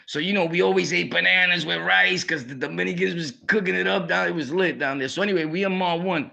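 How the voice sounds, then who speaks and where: Young new york guy storytelling on his channel, kinda high gravelly voice, slangy and animated. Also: fast. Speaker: YouTube storyteller. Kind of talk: casual storytelling vlog.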